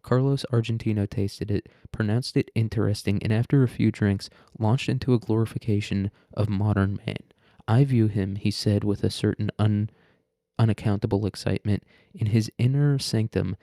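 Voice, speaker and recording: Young man, low mellow voice, reads aloud, profane asides. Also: dry recording, studio quality. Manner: irreverent, profane, laughs often. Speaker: podcast host reading a story. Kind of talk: reading aloud with casual commentary.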